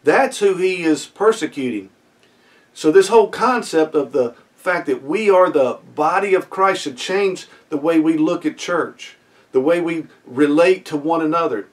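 A man's voice: a little high, measured pace. A man preaching a midweek sermon as pastor, earnest and emphatic, often putting questions to his listeners. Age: adult student.

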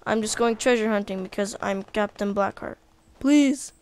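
A woman giving casual, chatty commentary while playing a video game, easily excited by what she finds. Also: medium pitch, moderate pace, smooth. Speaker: gaming video creator.

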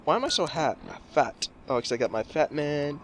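A man's voice: on the high side, animated, normal speed, a bit bright, slight background noise. A man casually commenting on gameplay, jokey and rambling with lots of swearing. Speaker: let's play host.

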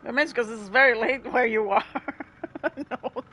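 A woman's voice: a little high, steady tone, moderate pace, sharp tone, a little hiss or hum. A woman streaming a game, chatting casually with her chat and laughing often.

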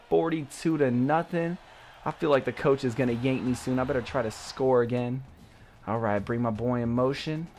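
A young man in his twenties giving excited, cocky commentary over his own football video game, hyping his plays and trash-talking. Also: mid-range voice, slight background noise. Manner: hyped, cocky trash talk, yelling at plays. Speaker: gaming YouTuber.

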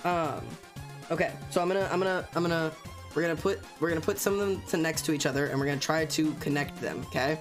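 Hyped-up streamer chatting live, fast and stammering, mid-pitched voice over faint background music. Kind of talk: casual livestream chat.

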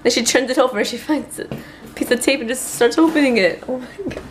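A woman's voice: sits high, fast talker. A woman filming a casual home vlog as a mother, playful and teasing, laughing often. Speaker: vlogger, mother.

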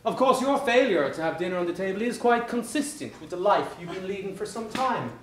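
A man's voice: high-pitched, expressive, brisk. An actor playing a cold, sarcastic middle-aged husband confronting his wife, with a clipped, formal and mocking delivery in a stage play. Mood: icy. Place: theater stage. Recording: roomy theater, faint noise.

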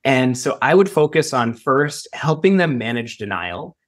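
A man from the United States answering interview questions as an emergency preparedness expert, measured with emphatic bursts. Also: mid-range voice, very animated.

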